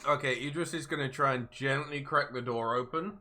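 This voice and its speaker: Halting, chuckling male tabletop player. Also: mid-range voice, sharp tone. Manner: halting, restarts often, laughs easily. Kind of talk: tabletop game play, casual.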